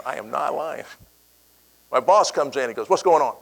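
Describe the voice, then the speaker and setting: A middle-aged man giving a speech, telling a personal story with animated delivery and acting out the voices of the people in it. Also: fairly high pitch, moderate pace, gravelly, pauses often, poor audio. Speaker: keynote speaker.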